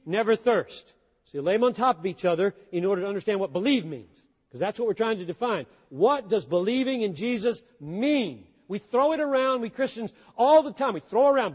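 A man preaching a sermon with earnest intensity, swinging between hushed, low passages and sudden emphatic bursts. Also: expressive, normal speed. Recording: long hall reverb.

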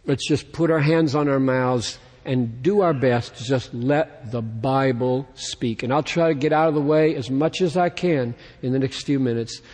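A man's voice: medium pitch, moderate pace, hardly any pauses. Man preaching in a reverberant hall. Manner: earnest preaching, rising and louder when quoting scripture. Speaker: pastor. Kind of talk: sermon.

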